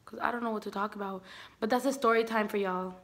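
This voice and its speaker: A young woman vlogger telling a storytime tale, animated and swearing freely, acting out the people she quotes. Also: mid-range voice, fast. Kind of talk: storytime vlog.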